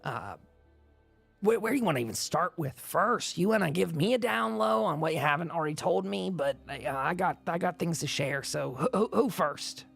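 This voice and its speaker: A man voicing a friendly, folksy middle-aged male town leader who greets people warmly. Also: fairly high pitch, lively intonation, normal speed, creaky, breathy edge, soft background music, pitched above the performer's own voice, exaggerated voice. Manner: folksy, welcoming.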